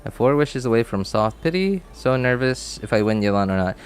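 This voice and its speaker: A man's voice: medium pitch, expressive, brisk, clear, resonant tone. A man chatting casually on a game livestream, rambling with many fillers and restarts and laughing easily. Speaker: game streamer.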